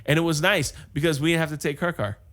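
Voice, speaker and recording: Talking fast in a voice on the high side, a male podcast co-host spins animated stories in casual chat. He laughs a lot and acts out the quotes.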